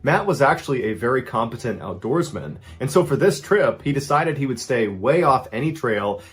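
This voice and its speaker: A man narrating a true story with suspense, dropping low and quiet and then rising at tense moments. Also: expressive, normal speed. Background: faint background music.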